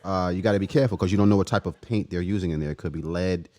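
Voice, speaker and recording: A man hosting a casual livestream, chatting loosely and giving shout-outs to viewers by name. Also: low voice, very fast, crowd noise. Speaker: livestream host.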